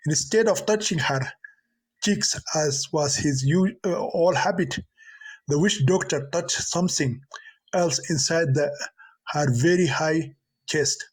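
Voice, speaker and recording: A man narrating a story aloud, halting and restarting over words. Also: on the high side, slightly rough. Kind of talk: storytelling reading.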